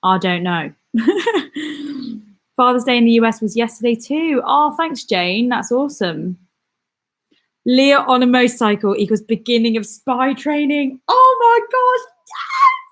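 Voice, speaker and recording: A woman from the Midlands hosting a casual live-stream chat, rambling warmly through her week and answering viewer comments with lots of fillers. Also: on the high side, lively intonation. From England, the Midlands. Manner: chatty and rambling, lots of fillers, quick laughs. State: out of breath. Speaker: channel host.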